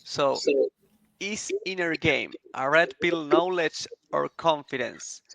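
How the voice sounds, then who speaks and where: A man interviewing, asking short quiet questions from off the mic. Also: a little high, slow, vocal fry, no echo, poor audio. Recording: dry, from off-mic.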